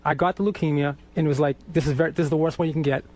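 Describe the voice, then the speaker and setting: Brief: high, quick-talking man from Boston, animated storyteller, swears and laughs through his anecdotes. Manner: animated, swearing, laughs while telling stories. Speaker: guest musician. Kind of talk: casual storytelling on radio.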